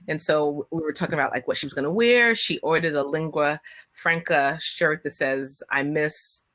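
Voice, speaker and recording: A woman chatting on a video call, telling a personal story at length. Her voice sits on the lower side. She gets animated and acts out quotes with sudden high-pitched bursts. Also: moderate pace. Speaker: guest. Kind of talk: casual storytelling.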